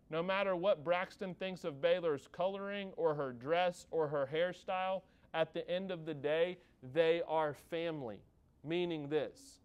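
A pastor in his thirties delivers a sermon in a relaxed, conversational way, pausing to check in with his listeners. His voice is clear and resonant and sits a little high for a man. He eases into light family stories to make his point. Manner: conversational preaching, checks in with the room with "okay?" and "all right?".

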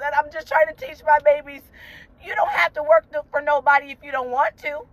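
A high-pitched woman speaks to her viewers from a car while crying. Her talk is fervent and tearful, and she keeps repeating encouraging phrases. She sounds like a mother sharing family news in a casual vlog. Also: level tone, fairly quick, rough recording. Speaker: vlogger, mother of two young entrepreneurs. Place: inside a parked car.

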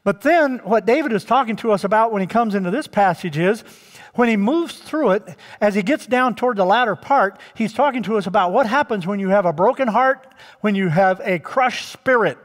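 In a church sanctuary with long reverb, a male pastor preaches to his congregation in a high-pitched voice that moves a lot and runs a little fast. He's emphatic, speaks to them directly, and stretches out key words.

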